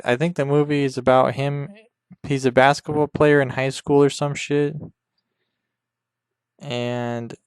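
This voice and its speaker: Deadpan young man rambling crudely. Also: medium pitch, clean tone, dry recording, studio quality. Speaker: podcast host. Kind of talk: rambling comedic monologue over gameplay.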